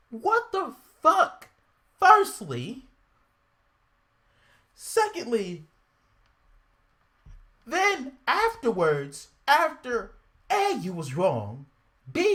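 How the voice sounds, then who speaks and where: A woman's voice: high-pitched, bright, forceful tone. A woman co-hosting a podcast, ranting with profanity, repeating herself and growing indignant. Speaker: podcast co-host. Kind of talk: heated casual podcast rant.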